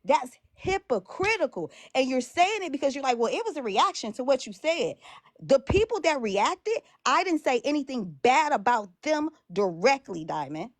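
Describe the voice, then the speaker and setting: A woman's voice: high voice, sing-song, moderate pace, no echo. Upset, profane woman streamer, dry sound. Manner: upset, blunt and profane, repeating her points. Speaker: live stream host. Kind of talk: heated live stream argument.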